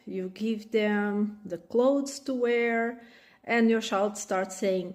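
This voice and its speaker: A woman's voice: medium pitch, slow, a little mellow. A woman telling a comic story about daily struggles and acting out both sides of the scene. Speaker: parenting educator.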